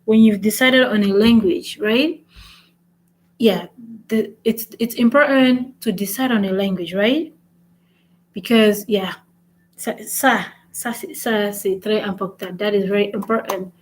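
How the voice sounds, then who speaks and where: This woman runs a language-learning channel and hosts a casual lesson vlog, moving between French and English and repeating points with "right?". Her voice is mid-range and her pace measured. The audio is poor.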